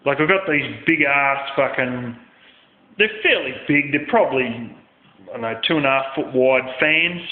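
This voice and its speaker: Blunt swearing Australian man, tinny echo. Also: mid-range voice. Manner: blunt, swears a lot, rambling. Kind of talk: casual storytelling rant. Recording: tinny phone-like sound in an echoey room.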